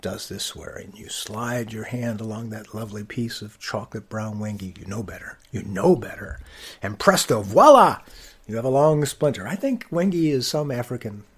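Wry husky man telling workshop tales. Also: lowish voice, normal speed, hardly any pauses. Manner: wry, musing, drops to quiet asides. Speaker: podcast host. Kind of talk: reflective storytelling monologue.

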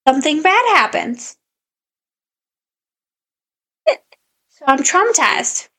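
A woman's voice: sits high, big pitch swings, a little slow, bright, forceful tone. A woman podcast co-host in casual chat, animatedly telling a story and acting out her own quotes.

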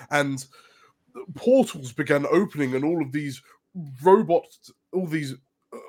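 A man narrating a tabletop game as game master, hesitant, with many fillers and restarts. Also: fairly high pitch.

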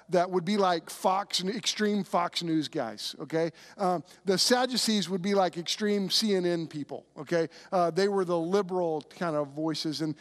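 A man preaching a conversational sermon, with frequent restarts, who acts out the voices of biblical figures. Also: high-pitched. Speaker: pastor.

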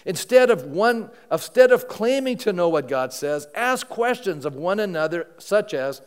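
A man's voice: high voice, big pitch swings, normal speed, clean tone. A male pastor preaching a sermon to a congregation in a church, talking conversationally and often asking the room rhetorical questions. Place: church sanctuary before a congregation. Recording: long reverb of a large hall.

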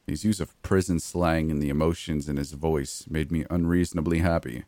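A man's voice: rumbling low, steady tone, normal speed, few pauses, a little mellow, dry recording, studio quality. A man narrating a first-person horror story in a gritty, blunt way, with frequent mild cursing.

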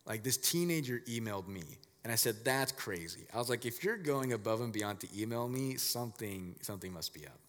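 A man giving a casual, conversational sermon as a pastor, telling stories in a relaxed, filler-heavy way. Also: mid-range voice, a little fast, hardly any pauses, big-room sound.

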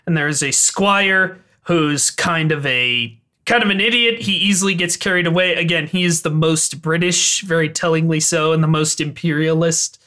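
A man's voice: on the high side, normal speed, few pauses, pushed and bright. A man co-hosting a podcast, chatting casually and eagerly about films. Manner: enthusiastic, opinionated film fan. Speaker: podcast co-host.

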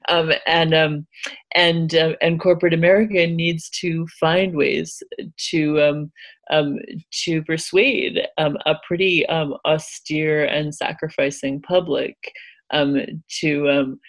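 Halting woman with a gravelly voice. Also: low-pitched, steady tone. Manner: hesitant, heavy filler words. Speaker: author guest. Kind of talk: conversational interview.

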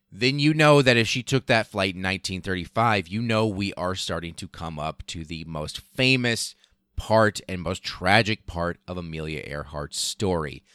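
Low-voiced man hosting a casual podcast. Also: fairly bright tone, no room sound, clean studio sound. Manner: casual, swears for emphasis. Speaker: podcast host. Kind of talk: casual history monologue.

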